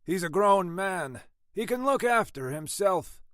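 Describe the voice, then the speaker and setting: A skeptical, offhand husband, pitched noticeably above the male narrator who voices him. He brushes things aside bluntly, with lively rises and falls in his voice. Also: unhurried, dry recording, clean studio sound. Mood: dismissive. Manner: dismissive, offhand.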